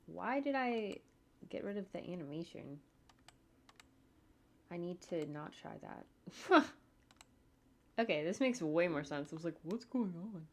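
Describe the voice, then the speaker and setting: A woman's voice: on the low side, lively intonation, unhurried, pauses often. A woman animator talking casually to her livestream viewers at home as she works, thinking aloud in a chatty, rambling way. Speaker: animator streaming her work. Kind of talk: casual livestream talk while working.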